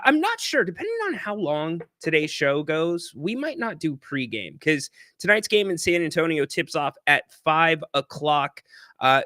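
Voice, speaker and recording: Bright-voiced animated sports talk host man. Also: a little high, no room sound, studio quality. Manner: animated, chatty, reads viewer chat aloud. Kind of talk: casual sports talk livestream.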